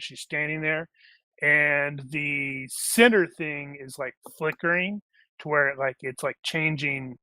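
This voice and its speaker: Game master, male, rambling narration, tense bright tone, dry close mic. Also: a little high, no echo. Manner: rambling, many fillers and restarts.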